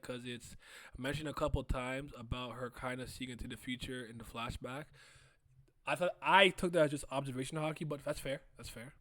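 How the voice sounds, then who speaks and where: A man hosting a casual manga reading reaction, excitable, laughing often and breaking into loud trash talk. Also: mid-range voice, dry recording, studio quality.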